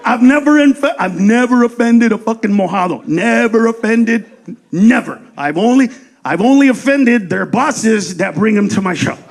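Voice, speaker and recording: A man doing stand-up comedy on stage into a handheld mic, loud, profane and punchy. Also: sits high, expressive, moderate pace, vocal fry, slight background noise.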